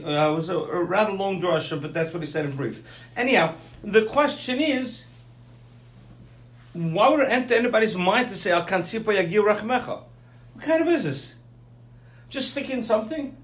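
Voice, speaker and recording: A man's voice: high-pitched, reverberant. A man teaching a conversational Torah class, often checking in with "okay?" and "right?".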